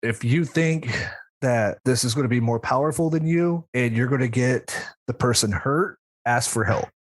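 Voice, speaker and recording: Guest man, demonologist, rambling storyteller, dry close sound, mid-pitched. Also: normal speed, no echo. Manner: rambling, with frequent asides and laughs. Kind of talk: casual storytelling interview.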